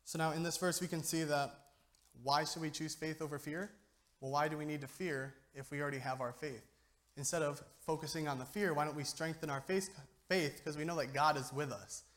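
A man's voice: fairly high pitch, fairly even intonation, a little fast, fairly bright tone. A young man giving an informal sermon to a church, joking and chatty, often checking in with the listeners. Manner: joking, conversational, keeps asking "okay?". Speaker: lay speaker giving a youth sermon.

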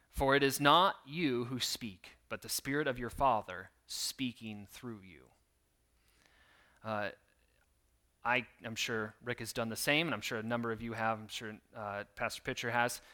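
A man's voice: mid-range voice, bright, forceful tone. A man preaching a sermon, reading scripture and explaining it in an earnest, conversational way. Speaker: pastor.

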